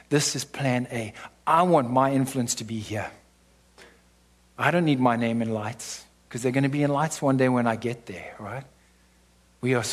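Husky-voiced man preaching casually. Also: medium pitch. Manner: conversational, asks the church "right?" often. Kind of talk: sermon.

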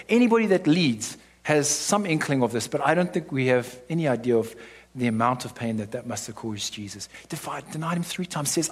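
A man delivering a sermon from the pulpit in a slightly husky, breathy voice. He preaches with emphasis, pressing his points home with rhetorical questions and quick asides. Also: medium pitch, lively intonation. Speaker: pastor.

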